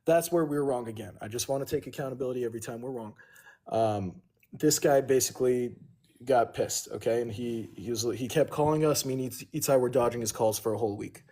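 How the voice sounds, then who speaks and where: A man's voice: medium pitch, fairly quick, dark tone. A man on a livestream casually telling a long, profane story and owning his mistakes. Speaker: livestream host.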